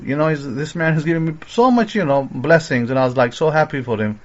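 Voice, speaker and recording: A man's voice: fairly high pitch, quick pace, hardly any pauses, lo-fi sound. A man telling a story in a sermon, with a rambling way of talking, many fillers and restarts, as a religious teacher.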